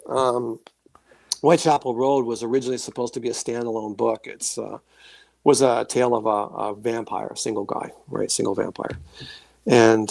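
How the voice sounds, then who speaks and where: Gravelly man telling a story. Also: medium pitch, no echo. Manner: animated storyteller, acts out voices and sounds. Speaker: guest, author and paranormal experiencer. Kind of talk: storytelling in a casual interview.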